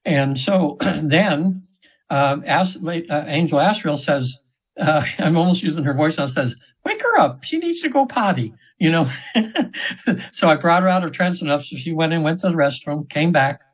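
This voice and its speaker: A trance session practitioner in his seventies, interviewed as a guest, shares casual stories with earnest rambling and frequent restarts. His husky, slightly high voice holds a steady tone at normal speed, and the audio is dull and mildly lo-fi.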